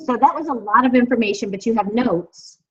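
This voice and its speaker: A woman talks her team through business tips on a video call. She is chatty and encouraging and often pauses on fillers. The sound is dull and lo-fi, as computer call audio tends to be. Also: a little high, husky. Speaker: team leader. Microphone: computer mic on a video call.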